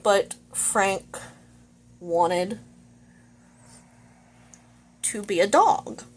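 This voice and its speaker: A woman's voice: medium pitch, lively intonation, very slow, a little hiss or hum. Chatty woman recapping a movie plot. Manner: chatty, filler-heavy with "like" and "you know". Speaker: vlogger reviewing a movie. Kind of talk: casual plot recap while getting ready.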